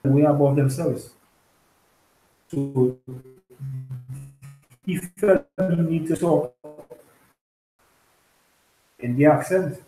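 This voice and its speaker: Halting man telling a story in an echoey room. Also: fairly high pitch, mellow, soft background music. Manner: halting storytelling, many fillers, keeps asking "you understand?". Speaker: discussion participant. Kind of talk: casual religious group discussion.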